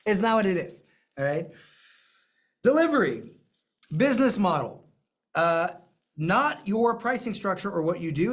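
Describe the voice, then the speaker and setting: Business coach, lively swooping delivery, emphatic, repeats key phrases, live lesson. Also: mid-range voice. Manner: animated, emphatic, self-deprecating asides and repeated phrases. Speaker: business coach teaching an online class.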